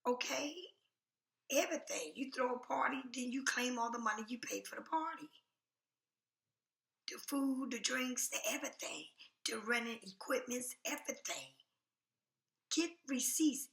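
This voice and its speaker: A woman with a fairly high, gravelly voice gives a casual tarot reading. She is blunt and emphatic and keeps asking if you understand. Her voice rings in an echoey room. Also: a bit bright. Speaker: tarot reader.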